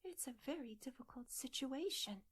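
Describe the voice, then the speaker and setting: A woman's voice: high-pitched, expressive, normal speed, slightly rough, pitched above the performer's own voice. A woman voicing an eager, thoughtful male water rat in a storybook reading. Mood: musing.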